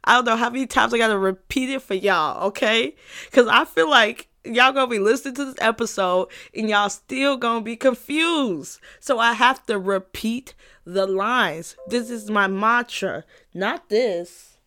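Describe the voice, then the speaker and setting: On the high side, pushed and bright, the voice belongs to a woman delivering an unhurried solo podcast monologue. She leans into repetition and emphasis, swears freely, and stays playful, often dissolving into laughter.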